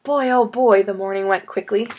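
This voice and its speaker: A woman's voice: medium pitch, moderate pace, darkish tone, lightly acted. A woman voicing an eager young schoolboy in a storybook reading. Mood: excited.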